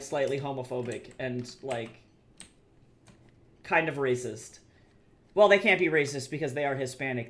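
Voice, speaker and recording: A woman streamer chatting casually, rambling and swearing as she tells stories. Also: deep voice. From United States. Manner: rambling, swearing, animated storytelling. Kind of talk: casual chat while drawing.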